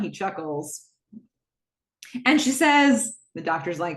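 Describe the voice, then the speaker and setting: Animated woman recapping a show, roomy sound. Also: lowish voice, unhurried, pauses often. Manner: animated, laughing, retelling scenes. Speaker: podcast host. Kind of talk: casual episode recap. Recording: roomy echo.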